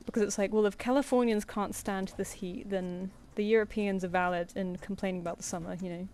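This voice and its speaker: A woman's voice: mid-range voice, steady tone, brisk, darkish tone. A young woman chatting casually on a drawing stream, telling anecdotes with frequent laughs and acted-out quotes. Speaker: artist streaming live commissions.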